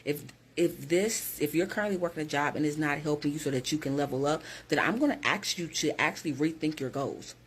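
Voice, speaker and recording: A woman's voice: deep voice, slight background noise. A woman who works as a hiring manager, talking straight to her viewers in a direct, emphatic motivational vlog.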